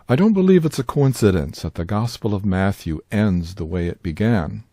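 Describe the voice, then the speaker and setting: A man giving a scripted Bible word study, speaking in a measured, deliberate way and pronouncing Greek terms with care. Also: fairly low pitch, mellow, dry recording, clean studio sound. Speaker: Bible teacher.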